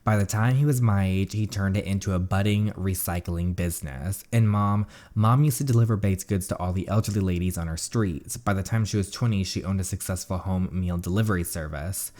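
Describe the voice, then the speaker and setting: A driven, proud teenage schoolgirl from a story game, read by a man in his own lowish voice. The reading is plain and steady, with little put-on character. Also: brisk, hardly any pauses, lightly acted. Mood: earnest. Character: ambitious teenage girl student, proud.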